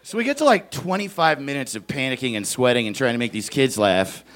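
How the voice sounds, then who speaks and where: A young man doing stand-up, telling a story with lots of energy, shouting out other people's lines and laughing as he goes. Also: medium pitch, a little fast. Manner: animated, shouts kid voices, laughs at own story. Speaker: stand-up comedian.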